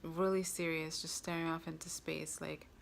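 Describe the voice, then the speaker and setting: A woman's voice: deep voice, little pitch movement, moderate pace, gravelly, slight background noise. A woman vlogger earnestly recounting a personal story to camera, with frequent fillers.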